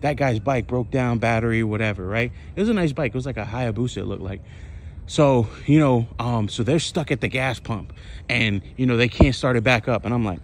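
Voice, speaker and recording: Male vlogger, loose profane storyteller, average pitch, a little room noise behind. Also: fast. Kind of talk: casual rambling monologue.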